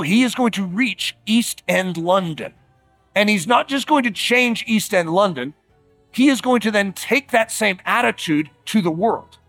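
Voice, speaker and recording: A man preaching a sermon, emphatic and conversational, slowing down for dramatic words and dropping quiet at times. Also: sits high, no room sound. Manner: animated, emphatic, with dramatic slowdowns and quiet drops; conversational fillers like "like" and "uh".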